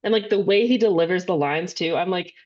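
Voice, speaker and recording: A woman guesting on a podcast, chatting casually and giggling, with lots of fillers. Her voice sits fairly low, and her audio sounds dull and lo-fi. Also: brisk, darkish tone. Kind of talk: casual chat.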